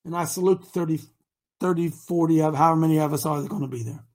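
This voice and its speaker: A man's voice: on the high side, steady tone, fast talker, a little mellow. A man hosting a live talk show, preachy and rousing, rambling between points. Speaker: host.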